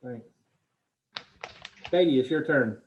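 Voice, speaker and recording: A man with a Southern US accent moderating a video call, briskly calling on each person in turn. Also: mid-range voice, steady tone, slight background noise. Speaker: meeting moderator. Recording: tinny phone-like call audio.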